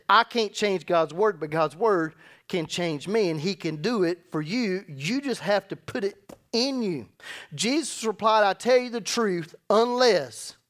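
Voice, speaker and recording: A man, a pastor, preaching a sermon and reading scripture in an emphatic, conversational way, often repeating words as he goes. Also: sits high. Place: church service.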